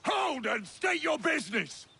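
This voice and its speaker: An actor playing a brusque colonial militia sentry in a video game, with short commanding lines. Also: male voice, very high voice, very animated, a little slow, vocal fry, bright, forceful tone, raised voice, exaggerated voice. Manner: curt, commanding. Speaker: game character.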